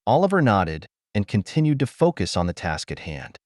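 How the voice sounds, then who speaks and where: A man narrating a dramatic story in an even, unhurried way. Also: on the low side, dry recording, clean studio sound.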